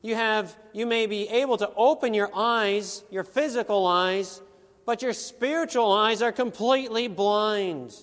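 A man with a high voice preaches a sermon slowly and deliberately. He presses his points in an earnest, emphatic way, with pointed rhetorical questions, and his voice rings with a long echo through a large hall. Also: fairly bright tone.

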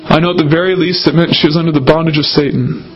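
A man's voice: on the high side, fairly even intonation, fast, lo-fi sound, faint music behind. A man preaching a sermon as pastor, earnest and repetitive, often addressing the congregation directly.

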